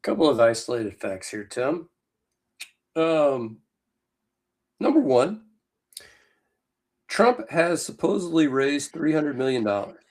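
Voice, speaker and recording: A man's voice: on the high side, big pitch swings, slow, long pauses. A man co-hosting a podcast in casual chat, rambling and full of fillers, with a Southern US accent. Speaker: podcast co-host.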